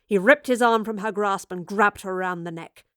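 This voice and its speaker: A woman narrating a serial story aloud with measured, vivid storytelling. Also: mid-range voice, a bit bright, dry recording, clean studio sound. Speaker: audiobook narrator.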